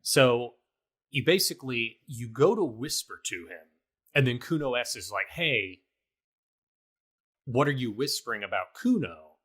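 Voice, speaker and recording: A man's voice: mid-range voice, lively intonation, unhurried, long pauses, a bit bright, husky. A man co-hosting a podcast, casually recapping his video game playthrough in a rambling way, full of fillers. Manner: rambling, filler-heavy storytelling. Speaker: podcast co-host.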